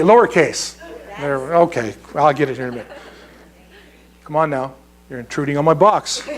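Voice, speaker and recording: High-voiced joking male pastor. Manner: conversational and joking, with frequent restarts. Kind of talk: sermon. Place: church sanctuary.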